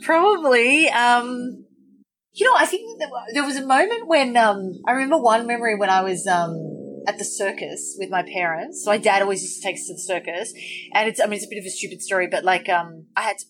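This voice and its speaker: Woman, podcast guest, lively storyteller, casual chat. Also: medium pitch, rough recording. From Australia. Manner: animated, voices others in quick quoted asides.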